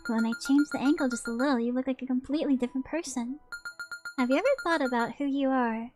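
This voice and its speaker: A woman reading a naive, halting young suspect. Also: sits high, lightly acted. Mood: musing. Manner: soft, halting, naive questioning. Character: odd, childlike young woman murder suspect. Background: background music.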